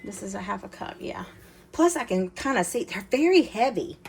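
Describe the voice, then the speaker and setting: A woman's voice: mid-range voice, big pitch swings, normal speed, vocal fry, a little mellow, a little hiss or hum. A woman hosting a casual cooking demonstration in her home kitchen, chatty and folksy, talking straight to her viewers. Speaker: cooking channel host. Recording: kitchen clatter of dishes and utensils.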